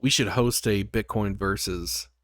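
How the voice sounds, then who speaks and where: A man co-hosting a podcast, telling a story in casual chat with lively, profane energy. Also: lowish voice, measured pace, dry recording, studio quality. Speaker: podcast co-host.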